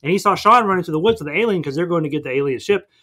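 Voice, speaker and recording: A man in goofy, fast comedy-podcast mode, hurtling through a cartoon plot. His voice sits a little high and bright, with a forceful edge, and he keeps breaking into silly character voices. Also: lively intonation. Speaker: podcast co-host. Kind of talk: casual comedic movie recap.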